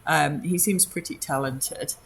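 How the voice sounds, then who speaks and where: Slow, hesitant woman narrating as game master. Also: low voice, gravelly, husky. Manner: hesitant, many ums and restarts, descriptive.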